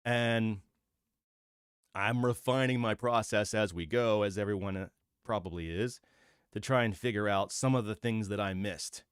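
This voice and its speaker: A man talks through his opinions in a low, smooth, resonant voice. He thinks aloud in a casual solo commentary, with fillers and restarts. The sound is dry and close. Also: normal speed, dry recording. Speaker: host of a football channel.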